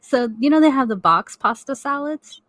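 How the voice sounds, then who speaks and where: Profane, animated woman telling stories. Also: high-pitched, normal speed, no echo, clean studio sound. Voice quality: animated, swears a lot, laughs often. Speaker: co-host of a live stream chat. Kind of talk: casual profane storytelling.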